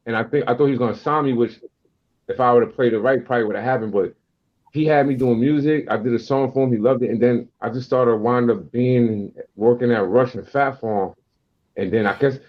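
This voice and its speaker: A man from Queens in his forties with a New York accent, a podcast guest telling stories in a casual, streetwise, animated way. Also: mid-range voice, highs cut off. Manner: animated, streetwise storyteller who acts out quotes. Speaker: guest rapper and producer.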